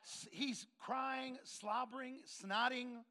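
A man preaching, telling a story and acting out the dialogue with lively, shifting voices. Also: very high-pitched, slow. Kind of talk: sermon storytelling.

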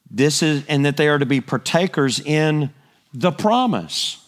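A middle-aged man preaches a sermon with an animated, conversational delivery. His voice sits fairly high and climbs higher still when he grows excited. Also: slow.

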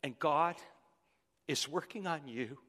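Guy preaching in church, bright forceful voice, kinda high, big long echo, stresses stuff and repeats words. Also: slow. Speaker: pastor. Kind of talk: sermon. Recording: long reverb in a large hall.

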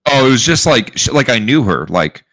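Animated dude-saying podcast guy. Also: mid-range voice, a little fast, no echo, studio quality. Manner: animated storyteller, says "dude" and "bro" constantly. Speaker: podcast co-host. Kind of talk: casual chat.

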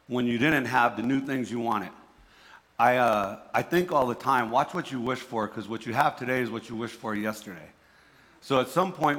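A man's voice: medium pitch, fairly bright tone, big-room sound. Man with a New Jersey accent preaching. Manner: conversational, repeats himself, restarts words. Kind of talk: sermon.

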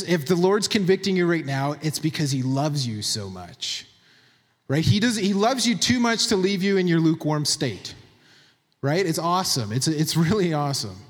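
A man preaching a sermon, reading scripture aloud and commenting on it with emphasis, sometimes dropping to a quiet, low voice. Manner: drops to a quiet, low voice for tender points. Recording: long hall reverb.

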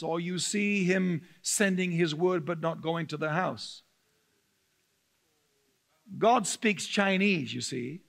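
A male pastor preaching a sermon, telling stories with humor, laughing often and getting very animated. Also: sits high, vocal fry.

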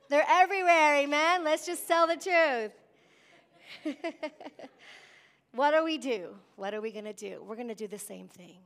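A woman preaching a sermon, lively and emphatic, often asking the congregation "amen?". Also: high voice, a little slow, creaky, pauses often. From Wisconsin. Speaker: pastor.

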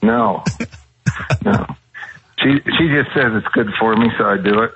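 A man from Colorado calling in to a radio show by phone, talking in a hesitant way with many pauses and fillers. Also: lowish voice, noisy background. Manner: hesitant, many ums and uhs. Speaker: phone-in guest. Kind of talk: casual radio chat. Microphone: telephone. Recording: tinny phone line.

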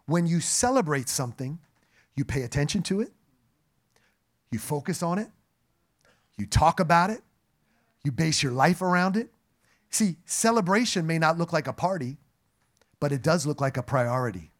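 A man preaching a sermon to a congregation, animated and joking as he speaks to them directly. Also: a little high, normal speed, long pauses. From New Jersey. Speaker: pastor. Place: church sanctuary.

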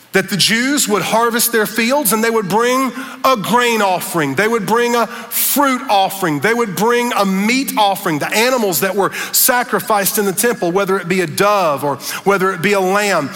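A male pastor preaches with a high, bright, ringing voice that climbs into shouts on his key words. His sermon rolls out in a fervent preacher's cadence. A long reverb hangs behind him, as from a big church hall. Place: large church stage.

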